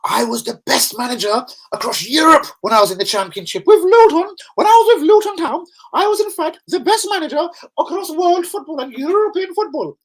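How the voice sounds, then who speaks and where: A man's voice: animated, brisk, few pauses. A man putting on a mocking voice of a boastful, unhinged male football manager who rants and swears. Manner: shrill, swearing, self-aggrandizing tirade.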